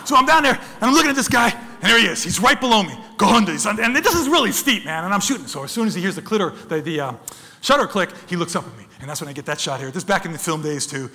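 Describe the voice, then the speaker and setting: A high-voiced man tells wild stories at a fast clip, bright and forceful as he acts out each scene. His voice rings with a long hall reverb. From United States. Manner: animated, dramatic storyteller, acts out sounds and voices, addresses the crowd as folks. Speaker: wildlife photographer giving a talk. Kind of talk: lively storytelling presentation to an audience.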